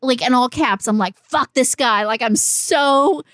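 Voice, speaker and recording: Swearing animated lady on a podcast, kinda high voice, dry close sound. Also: unhurried, no room sound. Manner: animated, profane, teasing, argumentative. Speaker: podcast co-host. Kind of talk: casual chat.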